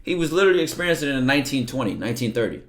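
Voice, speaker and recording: A man's voice: mid-range voice, big pitch swings, very fast. A young man livestreaming, talking casually and emphatically, with lots of profanity, and sometimes reading aloud from a book.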